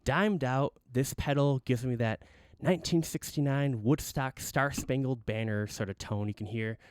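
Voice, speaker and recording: A man's voice: medium pitch, moderate pace, clear, resonant tone, no echo, studio quality. A man hosting a casual guitar gear demo, enthusiastic and rambling, with many restarts.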